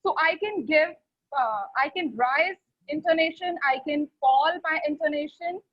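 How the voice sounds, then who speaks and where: Woman, high pitch, teacher on a muffled lo-fi video call, explanatory. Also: unhurried. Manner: explanatory, often checks "right?" and "is it?". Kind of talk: online webinar lesson. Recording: dull lo-fi call audio.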